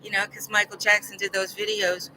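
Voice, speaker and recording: Bright-voiced older woman telling a story. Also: mid-range voice, flat delivery, brisk, a little hiss or hum, poor audio. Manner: rambling, earnest, repeats words when upset. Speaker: vlogger. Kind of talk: personal storytelling to camera.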